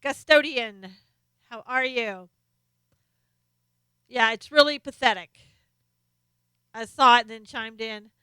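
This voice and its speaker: A woman's voice: on the high side, slow pace, pauses often, sharp tone, clean tone, dry recording. A middle-aged woman hosting a casual live stream, chatting as she reads out viewers' names and comments, sometimes turned away from her desk mic. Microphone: desk microphone, sometimes off-axis.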